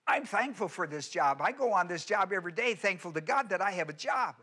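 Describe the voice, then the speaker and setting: A man preaching a sermon as pastor, emphatic and repetitive, moving between loud declarations and hushed appeals. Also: high-pitched, lively intonation, brisk, breathy edge.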